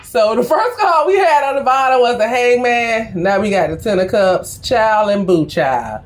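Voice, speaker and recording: A woman's voice: a little high, expressive, normal speed, few pauses. A middle-aged woman, a tarot reader, telling a story in a casual, slangy and profane way before her reading.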